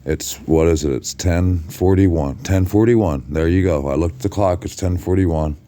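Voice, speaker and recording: A man's voice: deep voice, normal speed, warm tone. An exhausted man lying in bed in a hotel room, talking casually to his followers late at night and rambling through restarts and self-corrections. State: exhausted and drained. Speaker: video blogger addressing his followers.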